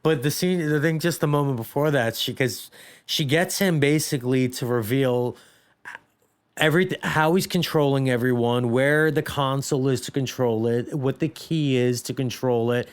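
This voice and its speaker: Male podcast co-host, clear resonant tone, casual rambling film chat. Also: medium pitch, normal speed. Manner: rambling, full of fillers and restarts. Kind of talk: casual movie discussion.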